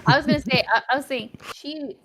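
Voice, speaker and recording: A woman's voice: sits high, fast talker. A woman in casual chat, mostly reacting with short interjections. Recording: noticeable background noise.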